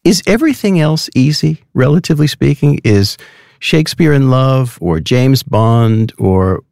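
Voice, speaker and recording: A man's voice: medium pitch, expressive, a little slow, creaky, a little mellow, no echo, clean studio sound. A man interviewing a guest, asking curious, probing questions.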